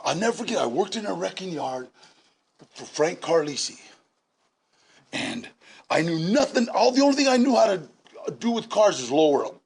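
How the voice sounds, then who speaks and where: Gravelly, animated man telling his story. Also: high voice. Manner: animated, laughing storyteller with shouted bursts. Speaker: recovery meeting speaker. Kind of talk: storytelling talk at a recovery meeting. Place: large indoor meeting room.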